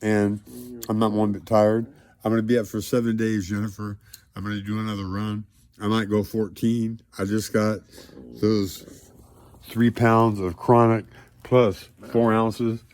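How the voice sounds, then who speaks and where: A man rambling grandly in a direct-to-camera monologue, drifting between loud declarations and low mumbles. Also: little pitch movement, a little slow. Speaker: vlogger addressing a celebrity.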